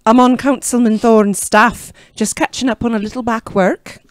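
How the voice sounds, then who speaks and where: A woman's voice: on the high side, steady tone, moderate pace, no room sound, natural voice. A woman reading the part of a poised young woman staffer in a live script read. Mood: breezy.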